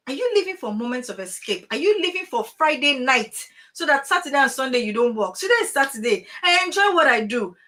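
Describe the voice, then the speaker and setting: A middle-aged woman giving an animated motivational talk to parents over a video call, full of emphatic rhetorical questions. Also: sits high. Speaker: transformational coach.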